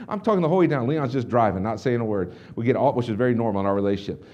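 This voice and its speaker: A rapid-fire, middle-aged male speaker tells a lively keynote story from a conference stage. His tone is dark and mellow. He acts out every bit of dialogue with quick restarts and asides. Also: mid-range voice. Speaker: motivational speaker presenting to a business audience. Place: conference stage before a large audience.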